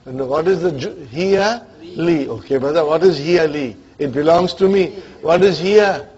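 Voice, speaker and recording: In a classroom lecture recorded in dull lo-fi sound, a man teaches Arabic grammar in a slightly high, unhurried and somewhat mellow voice. He quizzes students and checks they're following, mixing English with Arabic grammar terms.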